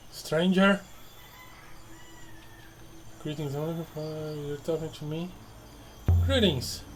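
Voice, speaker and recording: Over game music and some background noise, a man with a slightly high voice and flat delivery talks briskly through a narrative game. He reads dialogue choices out loud, repeats lines, and drops wry asides in casual let's-play commentary.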